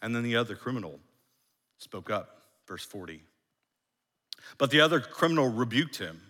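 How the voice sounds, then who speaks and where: A man preaching a sermon as a pastor, emphatic, repeating phrases and dropping to a hush for effect. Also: medium pitch, sing-song, moderate pace, big-room sound. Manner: emphatic, with repeated phrases and dramatic hushed drops.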